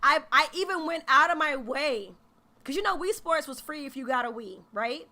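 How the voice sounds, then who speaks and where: A woman in her thirties streaming about games in a casual, animated, profane way. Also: high-pitched, moderate pace. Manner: animated, profane, emphatic, slangy. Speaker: gaming streamer. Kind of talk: casual livestream reaction.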